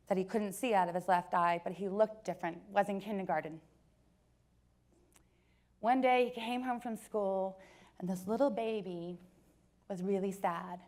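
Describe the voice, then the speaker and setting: A woman in her forties giving a personal storytelling talk to an audience, joking at times and turning soft and earnest at others. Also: medium pitch. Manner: warm joking storyteller, switches between laughs and soft earnest passages. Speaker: company speaker.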